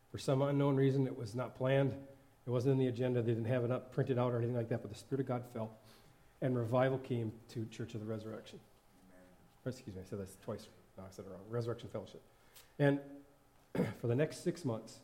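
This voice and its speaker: A man shares stories from the pulpit of a church sanctuary in a loose, conversational sermon. His voice is mellow and middle-pitched, and he laughs easily while he rambles and corrects himself mid-sentence. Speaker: worship leader and lay preacher. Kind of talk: informal sermon.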